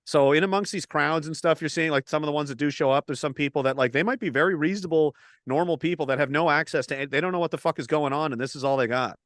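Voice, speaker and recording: A man hosts a loose satirical chat, ranting and swearing as he mocks people. His voice sits on the high side, with a dry, close sound. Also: quick pace, a bit bright, no echo. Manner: profane, ranting, mocking. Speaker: host. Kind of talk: casual satirical commentary.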